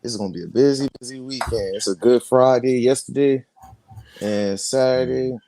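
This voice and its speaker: A man's voice: medium pitch, mellow. A man hosting a casual livestream, talking in a loose, slangy way and handing the floor to his guest. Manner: loose, slangy, quick to hand over the floor. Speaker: livestream host.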